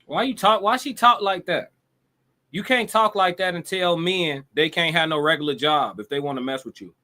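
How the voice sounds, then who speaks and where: A man's voice: fairly high pitch, moderate pace, bright, forceful tone. A man hosting a live show, reacting to clips with blunt, profane, mocking commentary and frequent restarts.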